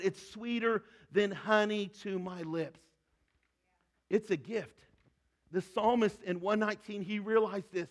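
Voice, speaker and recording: A middle-aged man preaching a sermon in an earnest, conversational way that often drops to a soft, hushed tone. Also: high voice, a little slow. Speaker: pastor.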